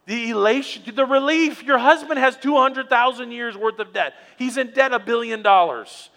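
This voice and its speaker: Male pastor, sermon, animated storyteller; bright tone, long hall reverb. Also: very high-pitched, normal speed, vocal fry. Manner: animated, storytelling, drops quiet for emphasis.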